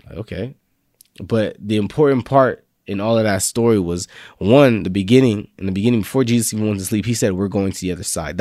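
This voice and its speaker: A young man hosting a faith vlog speaks in a deep, warm voice, recorded clean in a studio with no room sound. His preaching starts laid-back and full of slang, then builds into fervent spoken confessions.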